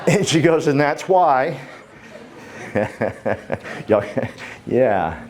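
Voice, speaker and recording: A man's voice: mid-range voice, animated, extremely slow, long pauses, background noise. A man, giving a fervent, joking motivational talk on a conference stage. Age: 50s. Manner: fervent and humorous, talks to the crowd. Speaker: keynote speaker.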